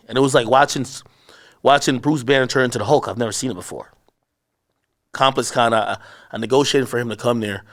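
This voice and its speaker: A man telling a story in a casual interview, cursing freely and acting out shouted lines from the people in it. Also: medium pitch. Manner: animated storyteller, acts out shouted quotes; profane, slangy. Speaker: interview guest.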